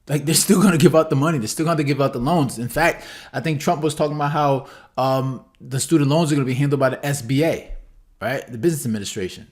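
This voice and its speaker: Opinionated man doing casual commentary. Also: medium pitch. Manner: opinionated, repetitive, says "right?" a lot. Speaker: political commentary video host.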